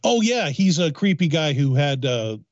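A man on a comedy radio show, teasing a caller in a sarcastic, deadpan way. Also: a little high, normal speed, dry recording, lo-fi sound. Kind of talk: comedic phone bit.

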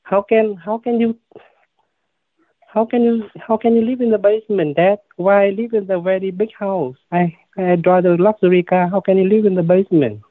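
A man's voice: high voice, steady tone, moderate pace, no room sound, lightly acted. A man putting on a pleading grown son who talks in broken, repetitive English as a prank caller on the phone. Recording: tinny phone line.

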